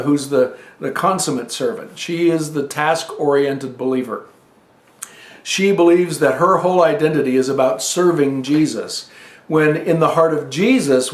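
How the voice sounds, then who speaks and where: A man preaching a teaching sermon, telling a scripture story in an earnest, unhurried way with pauses. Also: a little high, echoey room.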